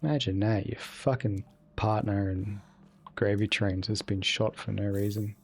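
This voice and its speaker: A man's voice: on the low side, fairly even intonation, unhurried, creaky, husky. A young man streaming a video game live, chatting casually and rambling, with plenty of swearing. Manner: rambling, profane, laid-back. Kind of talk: casual live-stream chat while gaming.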